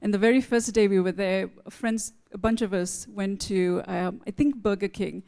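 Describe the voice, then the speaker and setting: Mellow-voiced woman telling an animated story. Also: medium pitch, moderate pace, vocal fry. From outside the United States. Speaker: panel moderator. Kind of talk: storytelling on a panel.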